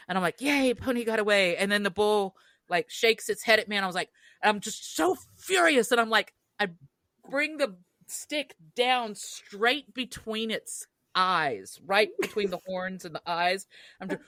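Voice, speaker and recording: A woman co-hosting a podcast, telling a childhood story in an animated way, laughing often and shouting out quoted lines. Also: mid-range voice, dry recording. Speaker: podcast co-host.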